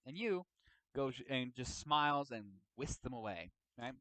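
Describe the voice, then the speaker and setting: A man's voice: mid-range voice, expressive, normal speed, fairly bright tone, clean tone, no room sound, rough recording. A man hosting a casual chat about his roleplay story. He rambles and often tags his sentences with "right?". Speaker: host and storyteller.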